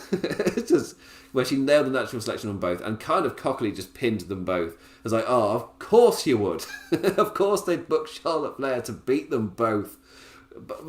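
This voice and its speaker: A man's voice: mid-range voice, roomy sound. Chatty man with frequent laughs. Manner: chatty, laughs often, restarts sentences. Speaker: podcast host. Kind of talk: casual recap commentary.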